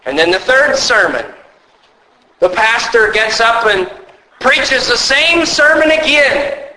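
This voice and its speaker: A male pastor giving a sermon, earnest and measured, with occasional storytelling asides. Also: extremely high pitch, lively intonation, bright, forceful tone, a little hiss or hum, low-quality recording.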